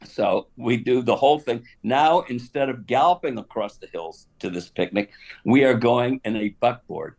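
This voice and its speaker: An older man telling a story casually on a live stream, animated, with laughs and asides. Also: medium pitch, moderate pace, creaky. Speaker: guest actor telling stories.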